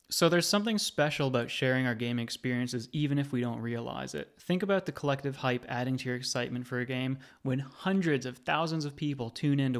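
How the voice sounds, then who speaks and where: A man in his thirties, a gaming channel host, narrating a scripted video essay in a conversational, lightly wry way. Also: medium pitch.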